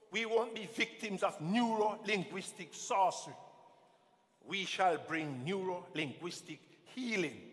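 High, bright Jamaican man chanting poetry. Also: big-room sound. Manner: chanting, call-and-response, animated shifts between loud and hushed. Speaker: poet performer. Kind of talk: rhythmic spoken-word dub poetry performance. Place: festival stage in a hall.

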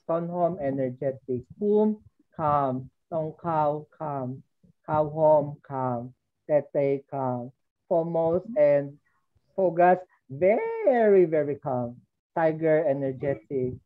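A woman with a fairly low voice teaches an online English class for young children, patiently prompting and drilling their answers. The sound is dull and lo-fi, like audio sent over a video call. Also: slow pace. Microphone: computer mic on a video call.

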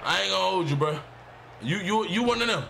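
A young man giving excited, slang-heavy commentary while playing a wrestling video game, repeating himself and shouting as he reacts. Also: high-pitched, fairly quick, creaky, background noise. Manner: hyped, repetitive slang talk. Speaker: gaming YouTuber. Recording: game music underneath.

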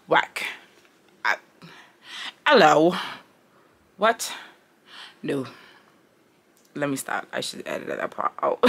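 A woman's voice: low voice, gravelly, sharp tone. A woman in her thirties, a stay-at-home mom, chatting casually in a vlog at home, rambling and slangy, sometimes dropping to a whisper during chores. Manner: drops into whispers while doing chores. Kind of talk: casual vlog chat to camera.

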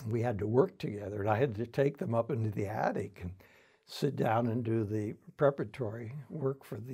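A man's voice: medium pitch, dark tone. An older man telling stories in an oral history interview, reflective, with frequent fillers and restarts. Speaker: interviewee, founding center director.

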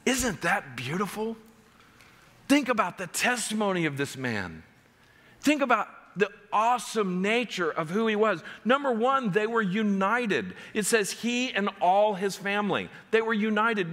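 A man's voice: sits high, animated, a little slow, a bit bright, in a large hall. A man preaching a sermon as pastor, driving home numbered points with rising emphasis. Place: church sanctuary.

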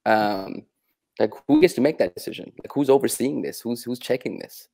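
A man answering interview questions as a guest journalist, halting and repeating words as he works through his point. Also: mid-range voice, vocal fry, warm tone.

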